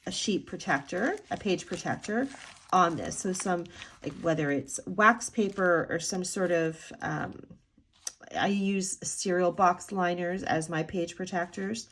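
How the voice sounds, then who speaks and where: A woman flips through a handmade art journal she made, commenting casually and chattily with a sing-song lilt and many ums. Her voice is lowish, fairly bright in tone, and a little slow.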